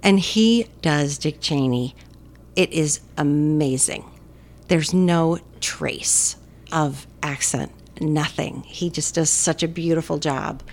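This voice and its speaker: A gravelly, low-voiced woman takes her time as she co-hosts an informal film conversation. She's enthusiastic and talkative, with plenty of filler words.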